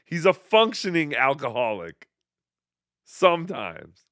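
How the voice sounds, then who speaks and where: A male host mocks the clips he plays, with deadpan, sarcastic asides. His voice is bright and crisp, and the recording is dry and close with no room sound. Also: fairly high pitch, takes it slowly, dry recording. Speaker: podcast host. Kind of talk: sarcastic commentary over clips.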